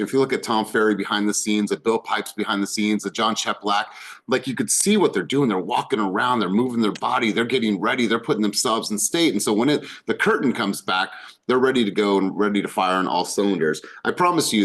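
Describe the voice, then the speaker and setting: A man's voice: on the low side, a bit bright. A man hosting a group coaching call over video, talking with enthusiasm and repeating words for emphasis.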